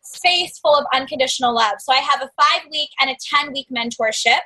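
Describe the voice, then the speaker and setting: A woman's voice: high-pitched, fairly quick, bright, forceful tone, low-quality recording. A young adult woman from the American South, a guest on a podcast, talking about her mentoring work in an effusive, swearing, enthusiastic way. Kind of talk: casual podcast interview.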